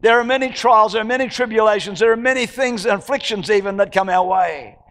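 High-voiced male pastor preaching in a reverberant hall. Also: brisk, fairly bright tone. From Australia. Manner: emphatic preaching with repetitions and rhetorical questions. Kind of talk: sermon. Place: church hall. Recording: church hall with long reverb.

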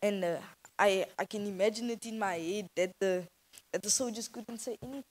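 A woman speaking as a youth speaker in church gives an informal, earnest sermon, talking conversationally and hesitantly. Her mid-range voice is a little fast, and the recording is rough.

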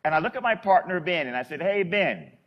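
Male priest, homily storyteller; high, very animated delivery. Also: a little fast, muffled recording. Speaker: Catholic priest.

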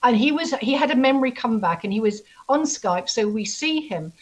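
Animated, high-voiced woman storyteller. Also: fairly quick, poor audio. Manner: animated storyteller, many restarts. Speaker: author and interview guest. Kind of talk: casual video interview chat.

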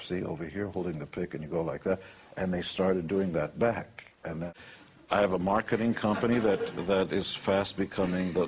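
A man's voice: low voice, a little hiss or hum. A man telling blunt, boastful and joking stories about his life and his work. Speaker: interviewee. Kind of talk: motivational anecdotes.

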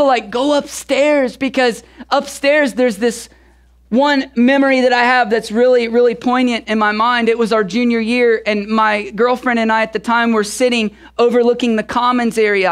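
A pastor in his thirties preaching a sermon through a relaxed personal story, talking conversationally with casual fillers. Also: very high voice, smooth.

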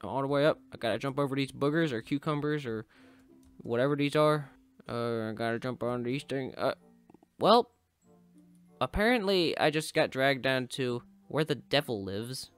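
A man's voice: medium pitch, normal speed, clear, resonant tone, soft background music. A man giving casual, joking commentary while playing a video game, rambling and breaking into sudden yelps. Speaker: gaming YouTuber.

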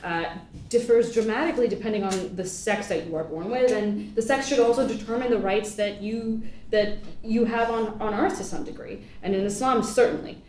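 A woman's voice: medium pitch, normal speed, darkish tone. A woman on a panel talking with many restarts and indignation, then moderating questions. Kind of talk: panel discussion. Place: lecture hall. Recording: echoey hall, distant mic, faint noise.

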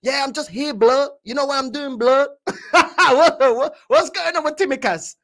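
A woman with a high-pitched voice and a London accent hosts a fan channel at a moderate pace, offering casual reaction commentary. She teases and chats in heavy slang, constantly checking whether the listener gets it.

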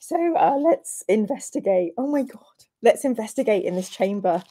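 Reading room descriptions aloud during a live-streamed gamebook playthrough, a woman chats with viewers in a bubbly, self-deprecating way, punctuated by excited squeals. Her voice is fairly high and breathy-edged, at a normal speed.

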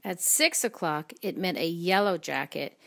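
A woman reading a picture book aloud in a slow, expressive storytelling way. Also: lowish voice, vocal fry. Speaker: reader.

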